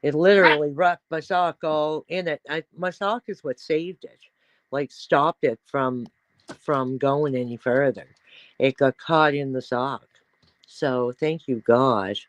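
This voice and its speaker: Middle-aged woman hosting a casual stream: rambling and slow-paced, with a dry, close sound. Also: no echo, rough recording. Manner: chatty, rambling, coos at her pets in a high voice. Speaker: livestream host. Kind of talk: casual livestream chat.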